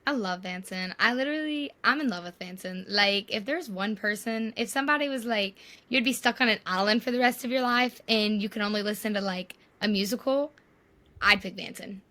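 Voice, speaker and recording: A woman's voice: mid-range voice, a little fast, pushed and bright. A woman co-hosting a chatty podcast over a video call. She tells stories with a mid-range voice, acting out other people's lines as she goes. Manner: storytelling, mimics others' voices. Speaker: podcast co-host. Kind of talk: casual chat.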